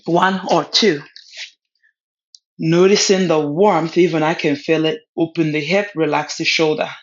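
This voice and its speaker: A woman leading a yoga class, giving short calm cues for poses and breathing with a word of encouragement now and then. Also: low voice, a little slow. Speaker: yoga instructor. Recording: slightly dull lo-fi sound.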